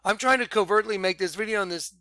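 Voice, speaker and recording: A man tells his viewers a story in an animated, casual way, often slipping into "I'm like" as he retells it. His voice sits high and sounds dry, with little room around it. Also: quick pace, dry recording. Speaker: vlogger.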